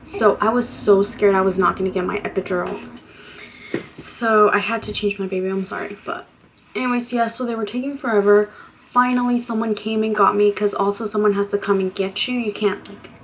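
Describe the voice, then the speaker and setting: A young woman tells a personal story to her camera in a loose, casual way. She talks candidly, with lots of "like" fillers, and acts out what she and others said. Her voice sits at an ordinary pitch for a woman. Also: a little hiss or hum, low-quality recording. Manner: candid, acts out quoted exchanges. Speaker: vlogger.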